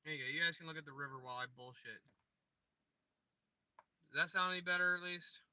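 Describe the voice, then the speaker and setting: A man's voice: on the high side, quick pace, sharp tone, smooth, dry recording. A man hosting a casual livestream, joking and swearing as he chats with viewers from a parked car, recorded on a phone on the dash. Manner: profane, joking banter. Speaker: livestream host. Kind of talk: casual live chat with viewers. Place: parked car by a river at night. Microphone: phone propped on the dash.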